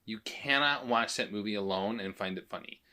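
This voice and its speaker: Bright-voiced man ranting about a movie. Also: fairly low pitch, brisk. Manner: opinionated, animated rants. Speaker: podcast co-host. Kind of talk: casual movie-review chat.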